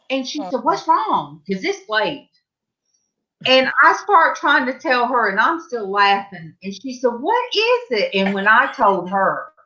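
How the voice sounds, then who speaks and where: A woman's voice: a little high, pushed and bright, lo-fi sound. A middle-aged woman hosting a casual panel stream, telling a funny family story with lots of laughter in her voice. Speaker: host.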